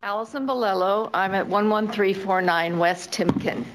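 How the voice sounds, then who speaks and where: A woman resident testifying at a public hearing, upset and halting, with many fillers. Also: medium pitch. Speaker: resident giving public comment.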